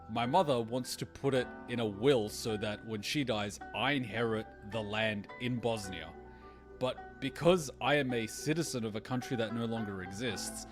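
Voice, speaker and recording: A young man streaming a game reaction, chatting casually, rambling through a long story with swearing and laughter. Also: medium pitch. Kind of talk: casual chat over gameplay.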